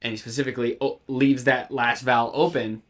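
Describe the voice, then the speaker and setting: A man's voice: mid-range voice, brisk. A man in a casual podcast conversation who often breaks into impressions of the characters he describes. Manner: animated, acts out lines with voices. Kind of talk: casual chat.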